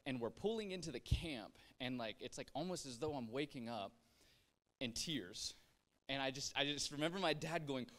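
A young man, a pastor, telling his life story in a relaxed, chatty way, full of "like" fillers and light self-mocking humor. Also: medium pitch. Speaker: pastor sharing testimony. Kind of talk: casual personal testimony.

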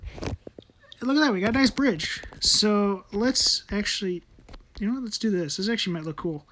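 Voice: medium pitch, moderate pace, a bit bright, slight background noise. A person giving casual gameplay commentary, muttering to themselves while building and swearing often.

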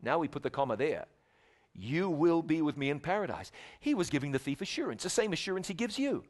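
Male preacher, fairly high voice, conversational sermon, soft asides, emphatic peaks. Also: lively intonation, brisk. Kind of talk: evangelistic sermon.

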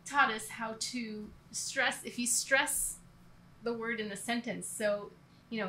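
A woman's voice: on the high side, steady tone, unhurried, sharp tone, slight background noise. A woman giving a casual, earnest church talk, rambling with restarts and laughing at herself now and then. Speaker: church co-leader. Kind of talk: conversational church teaching.

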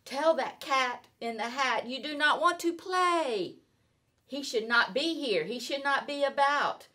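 A woman voicing a fussy, worried pet fish from a storybook, protesting and pleading in drawn-out words. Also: high voice, expressive, pushed and bright, pitched above the performer's own voice, full character voice. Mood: scolding.

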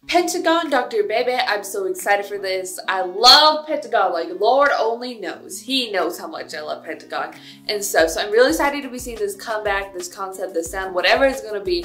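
Animated young woman reacting excitedly. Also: mid-range voice. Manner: expressive, animated, lots of "like" and "yo". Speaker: K-pop reaction vlogger. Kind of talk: excited casual reaction chat.

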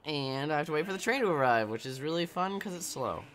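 A man's voice: on the high side, expressive, quick pace, fairly bright tone, a little hiss or hum. A man giving casual let's-play commentary while he games, rambling, joking and swearing. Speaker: gameplay commentator.

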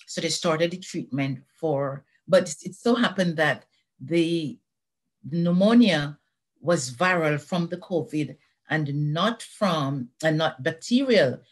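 An older woman giving a personal church testimony, telling it earnestly with frequent pauses and restarts. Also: low voice. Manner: earnest, halting retelling with many restarts.

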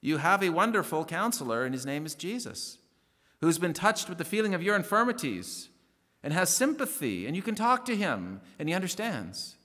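Male preacher, fervent and deliberate, reads verses slowly, voice a bit high. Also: big pitch swings, pushed and bright, long reverb tail. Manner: earnest preaching, rising emphatic stresses, slows to read verses. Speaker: pastor. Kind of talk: radio sermon.

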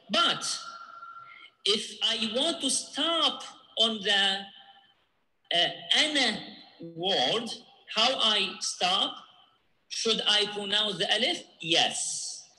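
Male teacher, high and very bright voice, patient drill style, echoey room. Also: lively intonation. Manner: patient, repeats points and checks with "okay?"; chants Arabic verses louder and faster. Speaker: Quran recitation teacher. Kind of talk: tajweed lesson with repeat-after-me drills.

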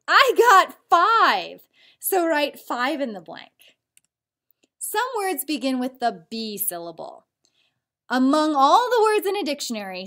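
Animated woman teacher sounding out syllables. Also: fairly high pitch. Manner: patient, clear, sounds out words slowly for clapping. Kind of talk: recorded spelling lesson for children.

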